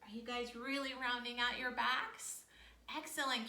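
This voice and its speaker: A woman's voice: a little high, steady tone, moderate pace, bright, forceful tone. A woman with an American accent leading a children's storytime yoga class, upbeat and encouraging with playful animal noises. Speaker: kids yoga teacher. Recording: echoey room, far from mic.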